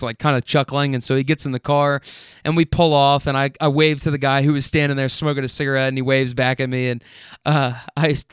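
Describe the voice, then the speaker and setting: A man working as a rideshare driver, telling stories in an animated way, swearing freely and using plenty of fillers. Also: medium pitch, clean tone, no echo, clean studio sound. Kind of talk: casual storytelling.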